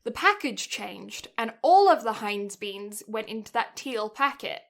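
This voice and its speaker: A British woman co-hosting a podcast, telling a story in a chatty, animated way and laughing often. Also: fairly high pitch, unhurried, vocal fry. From Britain. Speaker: podcast co-host.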